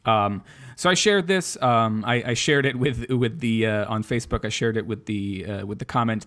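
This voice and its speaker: A man co-hosting a casual podcast, fretting about politics in a mid-pitched voice. He stumbles through restarts and reads out quotes from social media. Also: lively intonation, moderate pace, a bit bright. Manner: worried, restarts often, reads quotes aloud. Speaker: podcast co-host.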